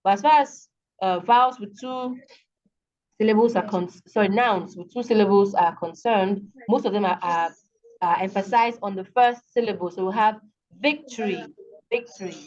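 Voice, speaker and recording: A woman with a Nigerian English accent tutoring students over a video call, patient and repeating each word slowly. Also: medium pitch, a little mellow. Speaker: online tutor. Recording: dull lo-fi video call audio.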